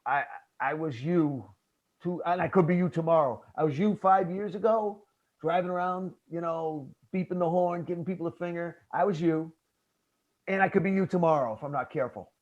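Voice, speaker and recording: A man tells a story in a casual chat. He has a slightly high voice and acts out what he said back then. The sound is muffled and lo-fi. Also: normal speed. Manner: animated, acts out his own past lines, says bro. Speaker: podcast host.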